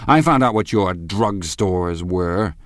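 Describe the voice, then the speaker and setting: A man's voice: low-pitched, animated, slow pace, no room sound, studio quality. A man voicing a domineering wealthy man who speaks in a blustering, accusing way.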